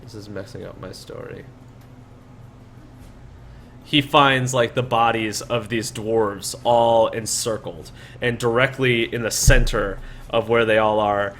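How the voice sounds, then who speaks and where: A man's voice: lowish voice, steady tone, takes it slowly, a bit bright, slight background noise. A man narrating as dungeon master, rambling with many fillers and restarts. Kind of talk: narrating a tabletop game.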